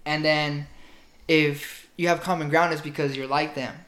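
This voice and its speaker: Upbeat podcast guy, spanish is his first language, kinda high voice, roomy echo. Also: moderate pace. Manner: animated, laughs often, does mock phone voices. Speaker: podcast co-host. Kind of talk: casual chat.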